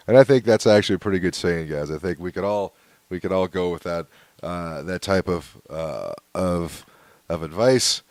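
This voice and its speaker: Brief: male podcast host, low voice, dry close sound, easygoing rambling delivery. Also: moderate pace, a little mellow, no echo. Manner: laid-back and rambling, with frequent fillers and chuckles. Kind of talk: casual solo podcast, reading hate mail aloud.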